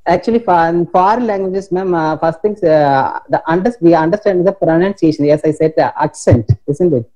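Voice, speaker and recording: A college teacher, giving a webinar talk in a halting way with many fillers and restarts. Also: male voice, a little high, a little mellow, muffled recording. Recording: noisy online call audio.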